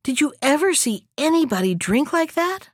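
A woman's voice: sits high, very animated, moderate pace, no room sound, pitched above the performer's own voice. Storybook youth, earnest and eager, a woman reading it in a dry, close voice. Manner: eager, pleading. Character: earnest kind-hearted young man.

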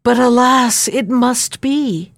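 A woman's voice: on the high side, slow, no echo, studio quality. A woman voicing a scheming noble lady who speaks in a tender, persuasive way. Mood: coaxing.

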